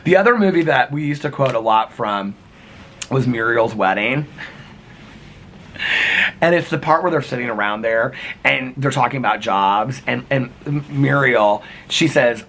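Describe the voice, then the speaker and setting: Chatty, laughing man with a bright voice. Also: mid-range voice, lively intonation, a little slow, a little hiss or hum. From United States. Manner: rambling, laughs often, quotes movie lines. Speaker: vlogger. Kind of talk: casual chat.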